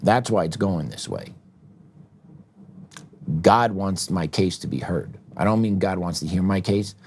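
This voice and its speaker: A middle-aged man hosting a political talk show, ranting heatedly, with loud outbursts that drop into quieter reflection and frequent laughs. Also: deep voice, slight background noise. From United States.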